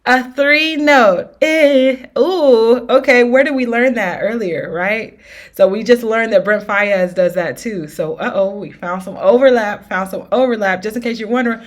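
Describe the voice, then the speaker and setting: A woman's voice: mid-range voice, normal speed. A woman teaching an R&B singing lesson with demonstrations, upbeat and encouraging, often checking in with her students. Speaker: vocal coach.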